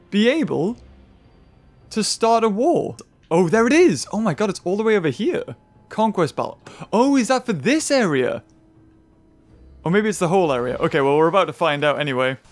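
A young man commentating a game playthrough, excitable and laughing often. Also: high voice, moderate pace. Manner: laughs often, cheers at the screen. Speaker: gaming video host. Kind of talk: excitable let's-play commentary. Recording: commentary over game music.

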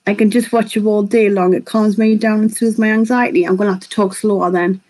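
A woman, chatting quickly while hosting a live makeup tutorial and reading viewer comments aloud. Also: medium pitch, flat delivery, a little mellow, rough recording. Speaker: beauty vlogger hosting a live stream.

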